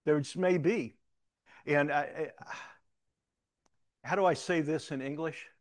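A man's voice: a little high, measured pace. A man in his sixties with a Southern-tinged Missouri accent, giving a folksy, anecdotal talk from the front of a church. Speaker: church leader.

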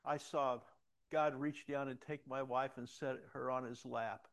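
A middle-aged male pastor delivering a sermon in a gravelly, mid-pitched voice. He tells personal stories earnestly, stumbling over restarts, then builds to emphatic exhortations. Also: steady tone, unhurried.

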